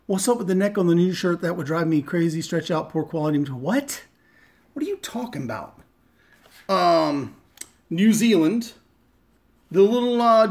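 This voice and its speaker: A man chatting casually and profanely on a live stream, joking and rambling as he opens fan mail at home. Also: high voice. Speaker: vlogger opening fan mail. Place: home in Las Vegas.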